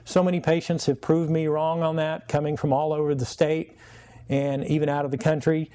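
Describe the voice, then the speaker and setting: A man who is a chiropractor, a guest on a talk show, giving steady, plain explanations of his treatment. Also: a little high, moderate pace.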